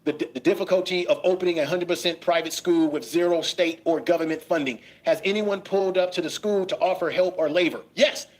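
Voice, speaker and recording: A man's voice: high voice, brisk, hardly any pauses. A man hosting a casual commentary show, emphatic and critical, reading out posts and reacting to them. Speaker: commentary host.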